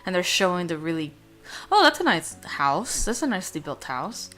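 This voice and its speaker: Bright, chatty woman host. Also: fairly low pitch, very animated, moderate pace, faint music behind. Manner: rambling, chatty, reads game text aloud. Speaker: let's play host. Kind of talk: casual gameplay commentary. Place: home room.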